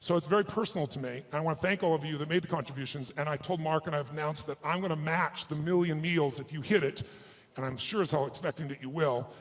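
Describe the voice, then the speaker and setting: Here a man with a fairly high voice talks fast through a motivational speech to a live audience on stage. Emphasizing a personal story, he alternates often between quiet, hushed stretches and louder, forceful ones; the recording is low quality.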